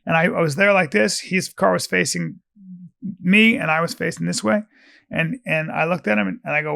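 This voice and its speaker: Man, very gravelly voice, high pitch, blunt and profane, casual podcast chat. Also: brisk, pushed and bright, no echo, studio quality. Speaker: podcast host.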